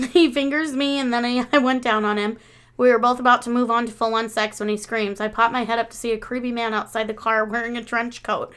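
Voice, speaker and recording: Woman in her thirties, co-host, high-ish voice, chatty storyteller who laughs through her anecdotes. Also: fairly quick, clean tone. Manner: laughs through stories, animated when quoting. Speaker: podcast co-host. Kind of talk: casual chat, storytelling.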